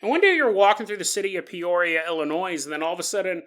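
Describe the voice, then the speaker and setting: A man's voice: high voice, expressive, fast, a bit bright. A man hosting a podcast, telling stories in a joking way and laughing through his sentences. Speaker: podcast host. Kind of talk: comedic storytelling podcast.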